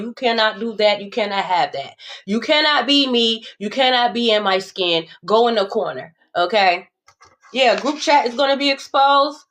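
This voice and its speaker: A woman's voice: a little high, fairly bright tone, slight background noise. Blunt, sassy woman reading tarot. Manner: emphatic, repeats phrases. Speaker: tarot reader. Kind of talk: casual tarot reading monologue.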